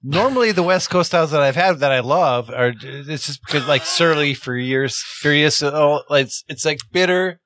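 A man's voice: a little high, moderate pace, hardly any pauses, a bit bright. A man hosting a casual beer-tasting chat, talking with enthusiasm and rambling a little. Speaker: podcast host.

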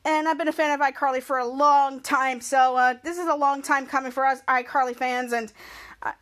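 A woman hosting a podcast, recapping a show in a casual, gushing way and often repeating how excited she is. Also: sits high, brisk. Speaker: podcast host.

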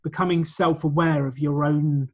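A man's voice: on the high side, fairly even intonation, moderate pace. A man being interviewed about his work as a presentation coach, explaining his points in a confident, orderly way. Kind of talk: conversational interview.

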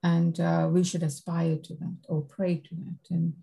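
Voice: mid-range voice, flat delivery, measured pace, vocal fry, warm tone, husky, rough recording. A class member answering the teacher thoughtfully, with a few hesitations. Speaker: class participant.

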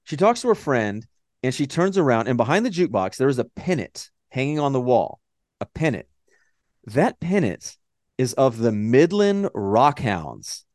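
A man from Texas with a Texan accent, co-hosting a casual movie-review podcast and ranting in a profane, animated way. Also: mid-range voice, normal speed, no echo, studio quality. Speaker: podcast co-host.

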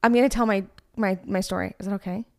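A woman's voice: medium pitch, steady tone, fast talker, vocal fry, a little mellow. A woman in her thirties co-hosting a podcast, talking candidly and personally, with lots of "like" in her casual chat. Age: 30s. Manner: chatty, heavy use of "like", candid and personal. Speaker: podcast co-host.

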